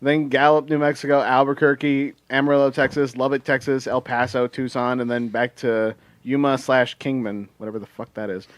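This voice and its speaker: A man's voice: mid-range voice, level tone, a little fast, few pauses, dry recording. A man co-hosting a casual podcast, reading out music news in a rambling way with lots of fillers and swearing.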